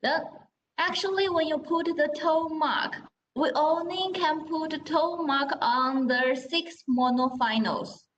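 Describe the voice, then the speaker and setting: A woman's voice: high voice, slow, highs cut off, a little hiss or hum. Patient woman teacher in an echoey room. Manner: patient, models sounds for repeating and checks in with "okay?". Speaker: Mandarin teacher. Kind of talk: classroom language lesson. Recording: roomy echo.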